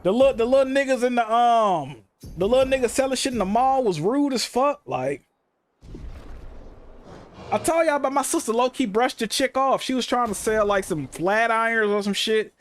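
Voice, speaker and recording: High-voiced man telling stories. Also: normal speed. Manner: profane, animated storytelling, heavy slang. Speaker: game streamer. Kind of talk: casual livestream chat.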